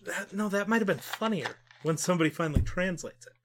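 Lively, sarcastic man with a bright, high voice. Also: fast talker, background noise. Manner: animated, sarcastic, laughs often. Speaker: podcast co-host. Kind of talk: casual chat.

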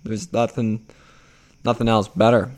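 A man's voice: on the low side, level tone, measured pace, a little mellow. A young man hosting a casual chat, laid-back, swearing and calling his guest "dude".

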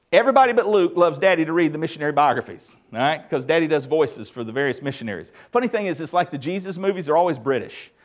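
Lively high-pitched male preacher. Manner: lively, emphatic preaching with humor. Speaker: pastor. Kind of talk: sermon.

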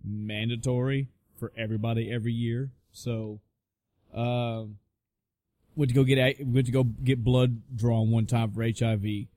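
Profane, animated man hosting a podcast. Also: unhurried, dry recording. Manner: profane, animated storyteller, mimics others in high voices. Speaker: podcast co-host. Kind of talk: casual podcast chat.

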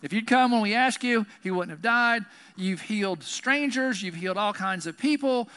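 A man's voice: high voice, normal speed, bright, forceful tone, clear, resonant tone, voice pushed up. A man voicing a grieving, reproachful woman of faith, paraphrasing her words with plain emotion in his own raised voice during a sermon.

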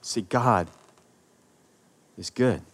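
A male pastor from the American South delivering a sermon, preaching with passion and sweeping from loud peaks to hushed lines. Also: on the low side, extremely slow. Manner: impassioned preaching with big swings in loudness.

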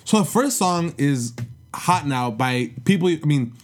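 A man's voice: on the high side, expressive, unhurried, soft background music. A young man from the Bay Area co-hosting a podcast, talking in casual slangy banter and laughing often. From San Francisco Bay Area. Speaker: podcast co-host.

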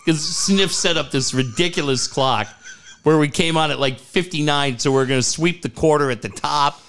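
A man and former radio host telling stories in casual chat, profane and animated, with loud high yelps when he acts things out. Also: normal speed, clear, resonant tone.

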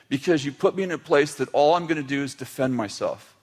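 A man's voice: mid-range voice, brisk. Brief: middle-aged male pastor, conversational sermon, acts out quotes, light humor. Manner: storytelling with acted family quotes and humor.

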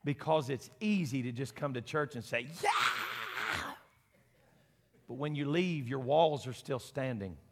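A middle-aged man, preaching a folksy Pentecostal sermon that swings between quiet talk and loud shouting. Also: medium pitch, animated, moderate pace, hardly any pauses. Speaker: senior pastor. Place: church sanctuary. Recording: long church reverb.

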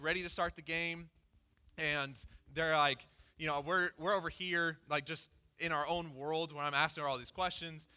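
A pastor giving a conversational sermon, candidly telling a personal story with lots of "like" fillers. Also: male voice, on the high side, sharp tone. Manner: casual and candid, peppered with "like".

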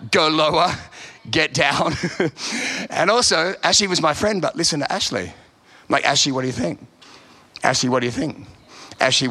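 A man's voice: a little high, pushed and bright. A man preaching a sermon as a pastor, emphatic and repeating his key phrases.

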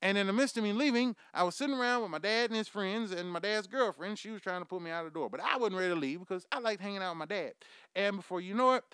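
A man's voice: high voice, quick pace, fairly bright tone, smooth, no echo, clean studio sound. A man hosting his own podcast, delivering a profane comic monologue and laughing at his own jokes. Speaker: podcast host.

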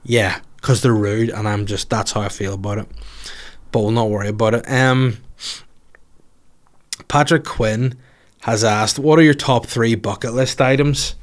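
A man's voice: lowish voice, fairly even intonation, unhurried, pauses often. A man, a comedian chatting casually on his podcast, rambling and swearing through jokey asides. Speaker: comedian podcaster answering listener questions. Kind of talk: casual solo podcast chat.

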